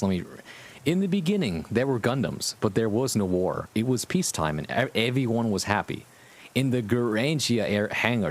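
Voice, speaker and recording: A man hosting a casual live stream as a VTuber, with a somewhat low voice. He talks to his viewers in an amused, rambling way and swears freely.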